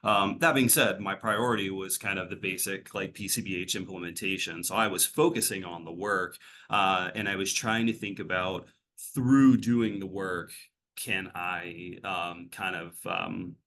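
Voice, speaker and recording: Bright-voiced man, hesitant and rambling. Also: low-pitched, steady tone, a little slow. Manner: rambling, many fillers and restarts. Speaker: behavioral health clinician. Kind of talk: casual conversational interview answer.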